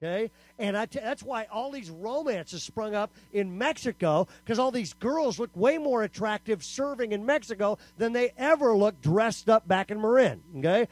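A man delivers a lively youth camp sermon in a high-pitched voice. He tells stories in a punchy way and acts out the quotes. The sound is dry and close, with no room echo. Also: normal speed, hardly any pauses. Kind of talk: animated sermon to teenagers.

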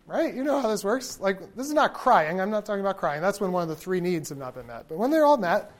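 A man lecturing to a room in a loose, talky way, turning to his listeners for agreement and laughing lightly at his own asides. He is lively and informal, and now and then he imitates a baby's babble to make a point. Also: high voice, fast talker. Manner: conversational, checks in with the audience; animated, chuckles often. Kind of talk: lecture to an audience.

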